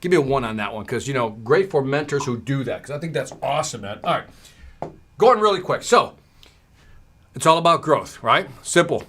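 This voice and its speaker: A man hosting a livestreamed sales lesson from his studio, asking the audience quick rhetorical questions as he goes. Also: medium pitch, animated, bright, forceful tone, a little hiss or hum. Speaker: sales trainer and livestream host. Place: home studio.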